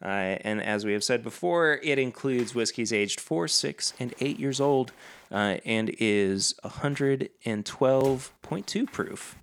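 A male podcast co-host with a medium-pitched voice takes his time, chatting casually and loosely with plenty of fillers and restarts.

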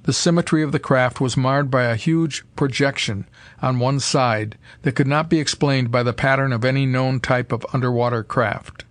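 A man reads a pulp adventure story in a steady, measured way. His voice sits at an ordinary middle pitch and sounds close and dry, with no room around it. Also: dry recording. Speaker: audiobook narrator. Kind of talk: scripted narration.

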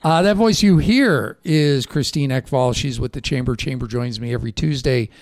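A man's voice: medium pitch, moderate pace, a little mellow, no echo. A man with a Chicago accent hosting a radio show from a studio, chatty and self-deprecating. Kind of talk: casual talk radio banter. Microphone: studio microphone.

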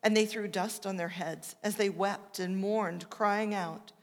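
A woman's voice: medium pitch, steady tone, unhurried, hardly any pauses. Woman reading scripture in an echoing church. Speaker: scripture reader. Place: church sanctuary. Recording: long reverb of a large church hall.

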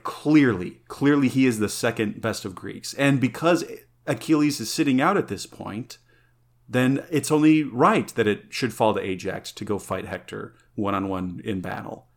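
Earnest, halting male podcast co-host. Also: mid-range voice, expressive. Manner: earnest and enthusiastic, with halting restarts. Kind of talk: casual chat.

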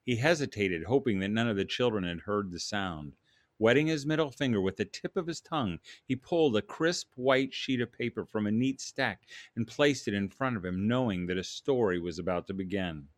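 A podcast host with a low voice, first chatting in a relaxed, hesitant way full of fillers and then reading a story aloud. The sound is dry and close, with no room around it. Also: male voice, normal speed, no room sound.

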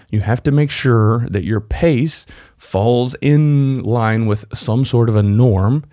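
A man's voice: lowish voice, warm tone, dry recording, clean studio sound. A man from Texas with a Texan accent, hosting a solo podcast and coaching listeners directly in a conversational way. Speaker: podcast host. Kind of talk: solo podcast tips talk.

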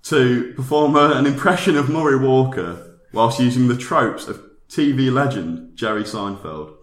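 Teasing male podcast host, echoey room. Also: mid-range voice. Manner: teasing, quick to pose challenges and questions. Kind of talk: casual chat.

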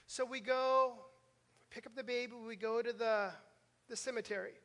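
A man's voice: very high-pitched, steady tone, moderate pace, fairly bright tone. An older man, a pastor, preaching a conversational sermon and telling stories in an earnest manner straight to his congregation. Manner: earnest, storytelling, direct address to congregation. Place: church sanctuary. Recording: long reverb of a church hall.

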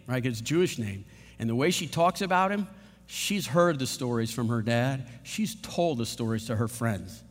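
A man's voice: fairly high pitch, a bit bright. A man preaching a sermon in a large auditorium, emphatic and full of rhetorical questions. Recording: long hall reverb.

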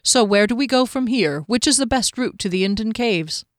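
A woman voicing a stern, proud male captain who speaks in clipped, measured sentences. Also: sits high, animated, no room sound, studio quality, voice pushed up. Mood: stiff.

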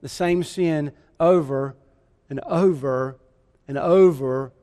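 A preacher with a high voice tells the story vividly and keeps asking his listeners questions. His voice rings out in a large church hall with a long reverb. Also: slow, warm tone. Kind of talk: sermon.

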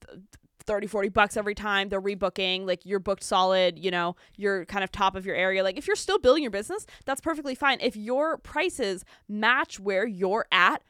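Bright, chatty young woman podcaster. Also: mid-range voice, lively intonation, fairly quick, clear, resonant tone, no room sound, clean studio sound. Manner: bubbly, chatty, lots of "like". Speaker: podcast co-host. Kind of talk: casual podcast chat.

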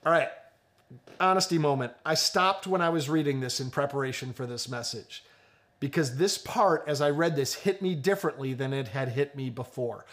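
A male pastor preaching a sermon, animated and joking, speaking straight to his congregation. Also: medium pitch, normal speed.

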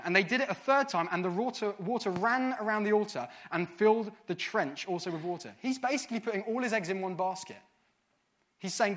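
A man's voice: a little high, fairly bright tone. A male preacher reading scripture aloud, then explaining it in plain, casual words and acting out the quotes with big swings in volume.

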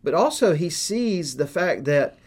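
A man's voice: a little high, very animated, a little slow, darkish tone, slightly rough. A man hosting a casual faith podcast, earnestly explaining his points step by step. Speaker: podcast host.

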